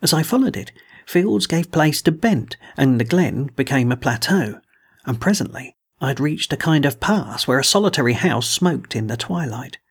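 Male audiobook narrator with a measured, gravelly, husky read. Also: mid-range voice, lively intonation. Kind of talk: scripted narration of a novel.

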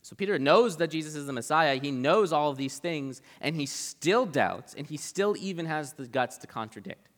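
In a big, echoing hall with long reverb, a young preacher gives a relaxed, conversational Bible talk full of "like." His voice is fairly high and fairly bright, expressive, and he moves at a moderate pace with few pauses.

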